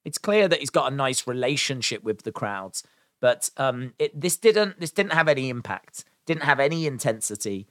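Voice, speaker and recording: Male reviewer, mid-pitched, casual and enthusiastic recap delivery, lots of fillers, dry close sound. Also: animated, normal speed, fairly bright tone, no echo. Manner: chatty, with frequent "uh" and "um"; enthusiastic about the show. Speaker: wrestling show reviewer.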